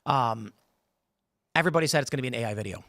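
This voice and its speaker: A man's voice: medium pitch, rapid-fire, bright, forceful tone, no echo, clean studio sound. A male podcast host in a casual panel discussion, telling rambling stories and acting out quotes in different voices. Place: studio.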